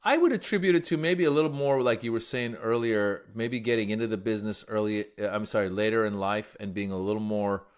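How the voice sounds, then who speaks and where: Man from iran, low voice, animated casual storytelling, comedian guest. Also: fairly quick, few pauses, clear, resonant tone.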